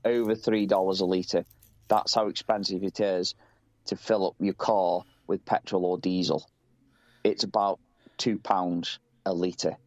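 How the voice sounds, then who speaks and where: A man's voice: deep voice, level tone, measured pace, a little mellow, dry recording, muffled recording. A British man chatting casually as a podcast co-host, rambling and swearing, often laughing. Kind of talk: casual chat.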